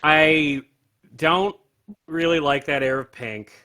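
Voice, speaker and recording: Bright-voiced, opinionated man chatting. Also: on the high side, fairly even intonation, slow pace. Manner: opinionated, laughs often. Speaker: podcaster guest. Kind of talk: casual chat. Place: his home bar.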